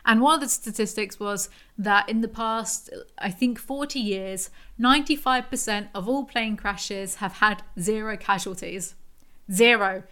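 A woman's voice: mid-range voice, measured pace, bright, forceful tone. A young woman talking casually in a solo podcast monologue, telling stories in a chatty way and swearing now and then. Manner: chatty storytelling, with swearing and self-interruptions. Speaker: podcast host.

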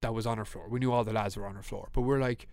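A young man with an Irish accent, a podcast co-host telling a story in casual chat, animated and laughing, with lots of restarts. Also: fairly low pitch, racing, no echo.

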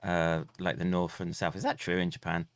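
Man, casual stream guest, crude and hesitant, very low gravelly voice. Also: very animated, fairly quick, no echo. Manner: crude, hesitant, laughs often. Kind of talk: casual chat.

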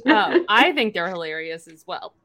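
A young woman co-hosting a casual book podcast, relaxed and agreeable as she summarizes chapters. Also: fairly low pitch, moderate pace. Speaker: podcast co-host. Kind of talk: casual book-club chat.

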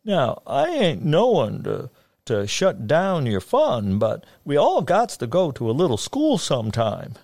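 A man's voice: fairly high pitch, huge pitch swings, measured pace, vocal fry, darkish tone, dry recording, clean studio sound, voice pushed up, heavily acted. A sing-song old backwoods man. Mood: folksy. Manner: rustic drawl with stammers.

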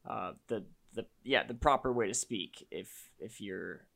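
A man's voice: fairly low pitch, unhurried, gravelly, a bit bright. A young man co-hosting a casual chat, wry and teasing, who sometimes explains things at length. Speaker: podcast co-host.

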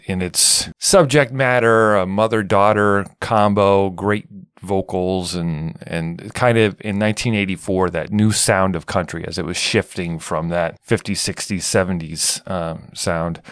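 A man's voice: low voice, fairly even intonation, measured pace, clear, resonant tone, no echo, clean studio sound. A man hosting a podcast in casual, upbeat chat, rambling through his recollections. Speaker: podcast host.

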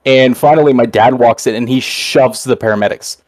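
A young man spins a long tale on a podcast, mid-pitched and recorded close and dry. He rambles casually, swears freely and keeps filling pauses with "uh" and "like". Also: darkish tone, dry recording. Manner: rambling and profane, full of fillers. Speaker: podcast host. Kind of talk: casual storytelling chat.

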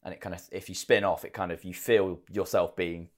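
A man's voice: low voice, steady tone, fairly quick. A man co-hosting a podcast, chatting casually and telling a story with animation. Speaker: podcast co-host. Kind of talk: casual chat.

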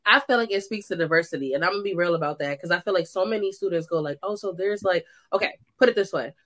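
A young woman from the United States, co-hosting a casual chat and telling lively stories, acting out the voices of people she quotes. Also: on the low side, fast talker. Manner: animated storyteller, acts out quoted dialogue. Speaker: co-host.

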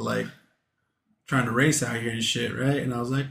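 A man casually tells a story to friends in a laid-back, profane way, laughing along as he goes. His mid-range voice is flat, a little fast, and creaky, with slight background noise and a roomy echo.

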